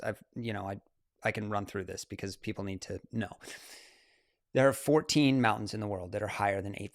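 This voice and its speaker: A man in his forties, a mountain climber and photographer, telling stories as an interview guest. His delivery is animated, with laughter and quick asides. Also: on the low side, no room sound, studio quality. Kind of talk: casual interview storytelling.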